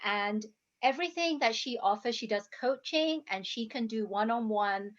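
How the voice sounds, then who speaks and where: A woman, a health coach, hosting a casual interview in an upbeat way and wrapping up with a pitch for her guest. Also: expressive, normal speed. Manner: upbeat, promotional wrap-up. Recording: slightly dull, lo-fi sound.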